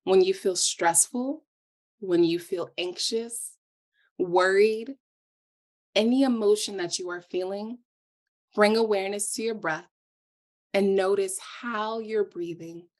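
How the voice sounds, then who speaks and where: A woman yoga instructor explaining her practice in a calm, measured way as a podcast guest. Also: medium pitch. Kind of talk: calm explanatory interview talk.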